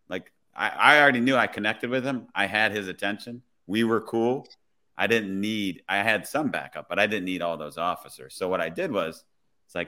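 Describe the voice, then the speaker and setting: A man, a police officer guest on a podcast, telling his story in a relaxed way with quoted dialogue. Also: lowish voice, moderate pace.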